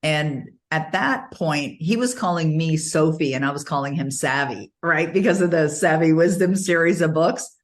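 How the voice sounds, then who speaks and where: Low-voiced woman telling a story. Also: moderate pace, few pauses. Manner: animated storytelling, frequent laughs. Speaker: interview guest. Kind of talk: casual interview conversation.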